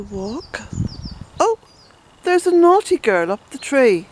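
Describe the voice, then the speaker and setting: An Irish woman chatting her way through a garden tour outdoors, fond and unhurried, with bursts of indignation. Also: a little high, sing-song, very noisy. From Ireland. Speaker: smallholder and author giving a garden tour. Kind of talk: casual walking garden tour.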